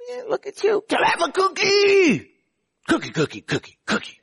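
Man doing a shrill wailing child, pleading repetitively. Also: huge pitch swings, normal speed, gravelly, fairly bright tone, exaggerated voice. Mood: whining. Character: whiny little child begging for a cookie.

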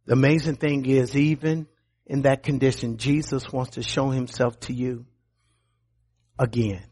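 A man preaching a sermon as pastor, emphatic, often repeating words and dropping to quiet low lines. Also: little pitch movement, unhurried.

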